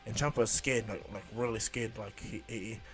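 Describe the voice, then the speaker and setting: A man casually improvising a fan story retelling, rambling and halting with fillers. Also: fairly low pitch, steady tone, over music.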